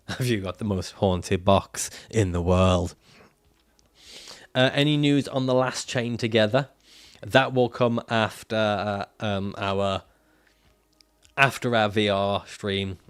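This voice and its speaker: A man's voice: lowish voice, steady tone, slow, long pauses, smooth. A man livestreaming casually, reading out viewer comments and answering them in a jokey, profane way and laughing often.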